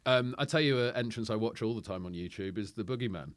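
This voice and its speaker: A man guesting on a chat podcast as a comedian, getting excited and laughing easily as he answers. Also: fairly low pitch, no room sound, studio quality. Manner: excitable, laughs often, quick bursts of enthusiasm.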